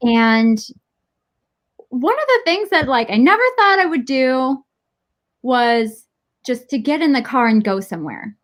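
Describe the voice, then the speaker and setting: A woman guest in a casual interview who tells her story in an animated way, acting out the dialogue she quotes and laughing as she goes. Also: sits high, unhurried, pauses often. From Michigan, United States.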